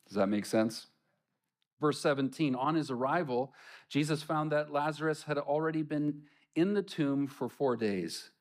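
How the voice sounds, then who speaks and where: A man preaching a sermon, reading scripture and explaining it to his congregation in an animated way. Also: a little high, moderate pace. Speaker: pastor.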